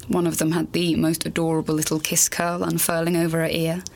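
A woman's voice: low-pitched, monotone, a little fast, gravelly, darkish tone. An actress playing a grown daughter who speaks hesitantly, with wry asides, to her dead mother in a radio drama. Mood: wistful.

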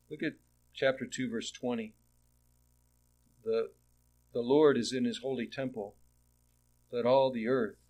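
A man preaching a sermon in an earnest way, repeating words and swinging between raised passages and hushed ones. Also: medium pitch.

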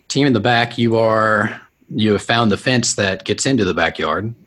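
A man running a tabletop game as game master, giving brisk, matter-of-fact scene descriptions. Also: on the low side, sing-song, fairly bright tone.

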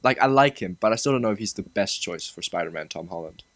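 A young man co-hosting a podcast, playful and quick to argue in casual chat. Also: fairly low pitch, no echo. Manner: playful, argumentative, lively. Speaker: podcast co-host.

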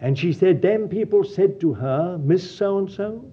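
A man's voice: high voice, lively intonation, normal speed, highs cut off, slight background noise. A man preaching a sermon in an earnest, pastoral way, calling his listeners dear children of God.

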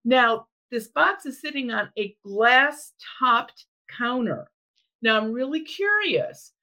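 A woman's voice: a little high, slow pace, low-quality recording. A middle-aged woman telling a personal story in casual chat, acting out what people said. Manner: animated, acts out quoted voices. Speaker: storyteller guest.

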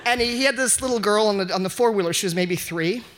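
A man telling an unscripted story at a live event, animated and self-mocking, often breaking into laughs. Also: high voice, quick pace, slight background noise. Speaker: audience member telling a story. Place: live event before an audience.

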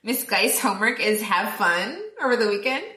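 A bright, chatty woman co-hosting a film podcast, recapping scenes and tossing in quick quoted voices. Her voice bounces around an echoey room, with a faint hiss under it. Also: mid-range voice. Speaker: podcast co-host. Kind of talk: casual film review chat.

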